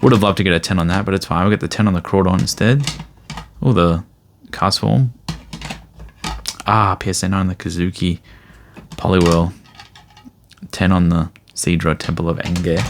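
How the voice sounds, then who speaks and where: Male vlogger, deep voice, easygoing rambling delivery, faint hiss behind. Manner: rambling, easygoing, thinks aloud. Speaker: card collector vlogger. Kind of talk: casual vlog commentary.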